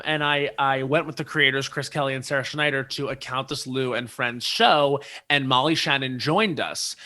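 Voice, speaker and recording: A man who is a guest on a podcast, telling stories in casual chat with animated asides. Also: mid-range voice. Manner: animated storyteller, quick asides.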